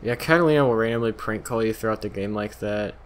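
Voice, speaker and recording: A man's voice: fairly low pitch, fast. A man casually commentating a video game let's play, rambling and self-deprecating, swearing now and then, a little yawny. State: yawning, tired. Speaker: gameplay commentator.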